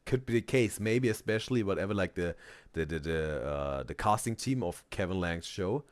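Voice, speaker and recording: A man's voice: sits low, animated, normal speed, dry recording. A man streaming a reaction video, rambling in casual commentary and often tagging on "bro" and "right?".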